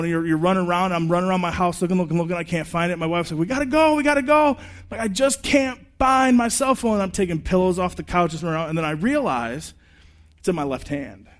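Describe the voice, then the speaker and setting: A man in his thirties preaching a sermon in a conversational way, telling personal stories with quick asides. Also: fairly high pitch. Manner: animated, chatty storytelling with quick asides. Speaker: pastor.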